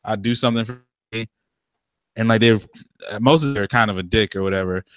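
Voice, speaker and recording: A man's voice: fairly low pitch, fairly quick, clear, resonant tone. A young man co-hosting a casual chat, slangy and profane, often laughing and acting out what others say.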